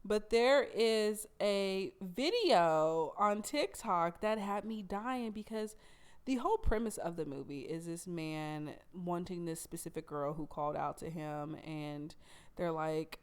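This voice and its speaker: A young adult woman, hosting a podcast and telling a story in a blunt, animated way with plenty of swearing. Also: on the low side, measured pace, clean tone. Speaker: podcast host. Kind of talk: casual storytelling monologue.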